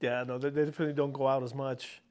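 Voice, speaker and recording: A man's voice: medium pitch, level tone, rapid-fire, a little mellow, smooth. A man co-hosting a comedy podcast who joins in with short jokes and nods of agreement. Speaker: podcast co-host. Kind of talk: casual comedic banter.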